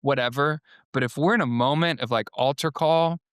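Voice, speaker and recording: A man's voice: mid-range voice, normal speed, smooth, dry recording, clean studio sound. A man, a guest singer and worship leader, talking in a loose, rambling way full of fillers and quoted asides. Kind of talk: casual podcast conversation.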